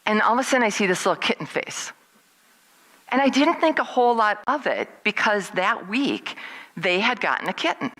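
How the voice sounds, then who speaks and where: A middle-aged woman with a bright, clear voice tells a personal story at a service. She keeps it lively and acts out what everyone said, jumping up high in pitch for their lines. Her voice sits at an ordinary middle pitch. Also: moderate pace, low-quality recording. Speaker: guest speaker at a service.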